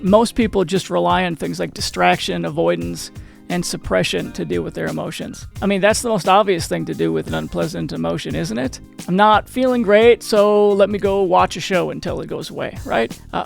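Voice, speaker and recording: A man's voice: high voice, creaky. A man hosting his own channel, talking casually to the viewer, with frequent restarts and questions to the listener. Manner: conversational, repeats and restarts, asks the viewer questions. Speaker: channel host. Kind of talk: casual talk to camera.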